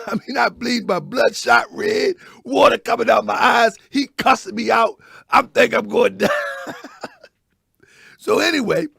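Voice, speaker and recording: A man with a raspy voice hosting a casual morning show, telling stories loudly and laughing as he goes. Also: very high voice, moderate pace, no echo, clean studio sound. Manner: loud, animated storytelling with laughs. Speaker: host.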